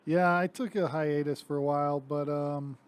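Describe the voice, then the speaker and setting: A man's voice: on the high side, steady tone, normal speed, smooth. A man talking as a guest on a podcast in easygoing casual chat, often trailing off mid-thought.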